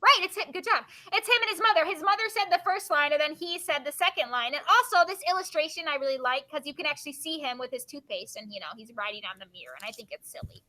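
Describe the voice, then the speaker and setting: A woman teacher reading poems aloud to her class and quizzing her students with quick questions. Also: high voice, animated, bright, forceful tone.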